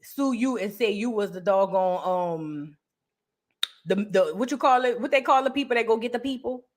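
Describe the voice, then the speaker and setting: A woman's voice: mid-range voice, moderate pace. A woman hosting a casual reaction commentary, talking in a blunt, crude and mocking way. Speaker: commentary host.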